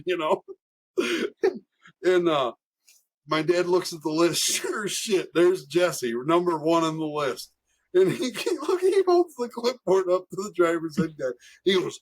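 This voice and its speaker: Husky young man telling wild stories. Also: fairly high pitch. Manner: animated, laughing storyteller who swears often. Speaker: racing driver guest. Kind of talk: casual storytelling.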